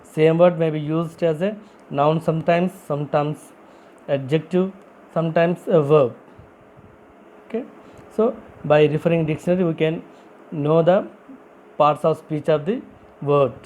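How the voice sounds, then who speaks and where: Fairly high in pitch yet dark in tone, a man who isn't a native English speaker leads a classroom-style vocabulary lesson. He breaks things down step by step, asks himself questions and answers them, and keeps repeating key phrases. The recording is low quality with slight background noise.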